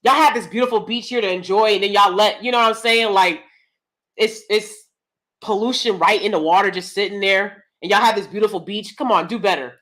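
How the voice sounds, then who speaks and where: A woman's voice: medium pitch, a little fast, fairly bright tone. A woman telling a personal story in a casual, ranting monologue, acting out both sides of the exchange and repeating herself as she gets exasperated. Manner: exasperated, repeats words and restarts.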